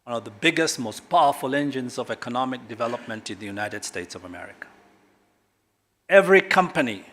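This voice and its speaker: Brief: middle-aged man, government speaker, emphatic keynote delivery with dramatic pauses. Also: expressive, a little hiss or hum. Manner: emphatic orator, big swings in pitch and loudness, dramatic pauses. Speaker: government official giving a keynote. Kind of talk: public speech at a corporate launch.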